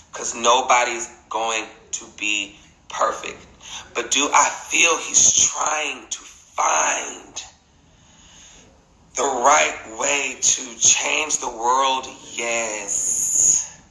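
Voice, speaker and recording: A man talking on a phone live stream in a casual monologue, earnest and halting, repeating his points deliberately. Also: mid-range voice, vocal fry, sharp tone. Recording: roomy echo.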